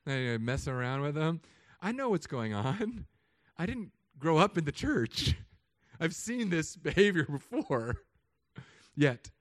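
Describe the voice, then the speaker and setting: A man, a pastor, preaching a sermon in a relaxed storytelling way, acting out voices now and then. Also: sits high, no room sound, studio quality. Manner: conversational storytelling with put-on voices. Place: church hall.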